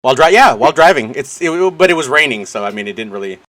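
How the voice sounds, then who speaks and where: A man's voice: medium pitch, lively intonation, fast talker, fairly bright tone. A man hosting a casual podcast, teasing friends and telling stories about them. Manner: teasing, storytelling, mimics friends. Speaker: podcast host, streamer.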